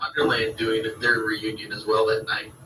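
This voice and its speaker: Male co-host, teasing, bright tone, distant roomy sound. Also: fairly low pitch, monotone, moderate pace, a little hiss or hum. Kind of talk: casual chat. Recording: roomy echo, distant from the mic.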